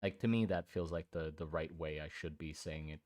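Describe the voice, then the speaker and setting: A man's voice: extremely low pitch, brisk, darkish tone. A young man from Germany and Thailand chatting casually on a live stream, rambling with many restarts and casual swearing. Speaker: streamer drawing miniatures.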